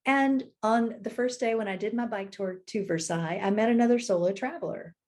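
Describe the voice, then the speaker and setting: A middle-aged woman, a podcast guest, telling stories in a casual, animated way and laughing easily. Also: on the high side, a little fast. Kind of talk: casual storytelling chat.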